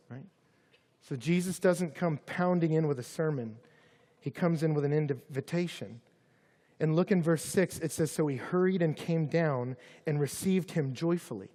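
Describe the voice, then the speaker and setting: A man preaching a sermon to students, dropping to soft, close asides and then rising to loud, shouted emphasis. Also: mid-range voice, big-room sound. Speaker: campus ministry pastor.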